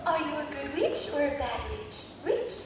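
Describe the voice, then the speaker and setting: A woman's voice: high voice, lively intonation, moderate pace, noisy background. A teenage girl playing a kind, cheerful good witch in a school stage play, with a sweet, sing-song delivery. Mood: gentle. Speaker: student actor. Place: large school auditorium. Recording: echoey hall from far off.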